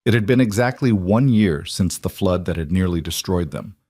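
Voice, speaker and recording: A man narrating a western story in a steady, measured manner. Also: deep voice, husky, no room sound, clean studio sound.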